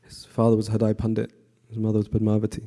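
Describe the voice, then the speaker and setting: A man giving a conversational devotional class to a temple audience, often asking the audience questions and pausing with fillers. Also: lowish voice. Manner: frequent fillers and restarts, relaxed.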